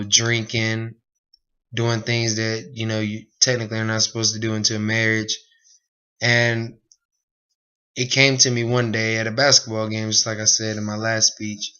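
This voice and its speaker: A man's voice: lowish voice, pushed and bright, clean tone. A young man earnestly telling his personal testimony in a plain speech, with many asides. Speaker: speaker giving a personal testimony. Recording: dull lo-fi recording.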